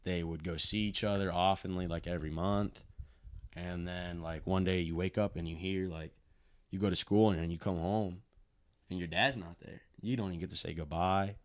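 A young man telling a painful personal story in a casual, halting way, full of restarts and fillers. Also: deep voice, fairly even intonation. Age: young adult.

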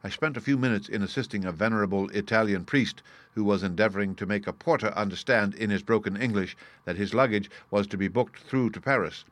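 Low-voiced male audiobook narrator. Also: fairly quick, a bit bright, no echo. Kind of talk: scripted narration.

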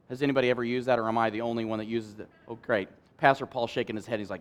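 A man preaching a sermon as pastor, joking with the congregation and swinging between loud emphasis and quiet asides. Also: mid-range voice, steady tone, racing, clear, resonant tone.

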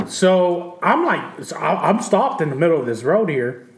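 A man's voice: on the high side, moderate pace, reverberant, slight background noise. A man hosting a casual chat, telling a story with lots of swearing and laughter. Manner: profane, animated, laughing storyteller.

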